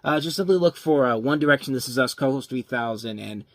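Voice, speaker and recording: A man's voice: mid-range voice, expressive, fast talker, fairly bright tone, dry recording. A man hosting a casual movie review show, rambling and stumbling over names as he talks.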